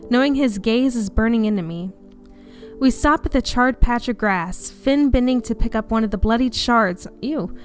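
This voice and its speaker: Brief: woman host, fairly high voice, casual and giggly, reads a story game aloud at home, faint music under it. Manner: chatty, giggly, easily sidetracked. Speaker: let's play host reading a story game. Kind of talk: casual narration and chat. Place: home room.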